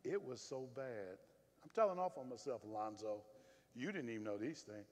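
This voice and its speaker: A man's voice: expressive, normal speed. Southern man preaching in a church hall. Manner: folksy storytelling, swings from loud and firm to low and confiding. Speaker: pastor. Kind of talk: sermon. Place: church sanctuary.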